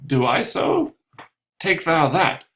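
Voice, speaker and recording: A man's voice: medium pitch, unhurried, creaky, a bit bright, slight background noise. A man reading the lines of a drunken, bossy butler, blustering and threatening.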